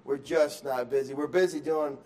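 A man preaching a sermon in a high voice. He drifts between soft, reflective stretches and loud, insistent exhortation, and he repeats words and restarts as he goes. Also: fairly even intonation, moderate pace, a little hiss or hum. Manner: swings from quiet musing to loud emphatic exhortation; acts out excuses in quoted voices. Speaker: pastor.

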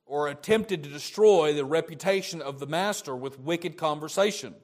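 Emphatic male preacher, slightly high voice. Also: normal speed, few pauses. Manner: emphatic, repetitive, restarts phrases. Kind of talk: sermon.

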